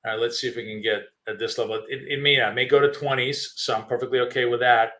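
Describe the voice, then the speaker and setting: A man's voice: mid-range voice, steady tone, fast, a bit bright. A man hosting a live trading stream, thinking aloud with many fillers and restarts while chewing gum.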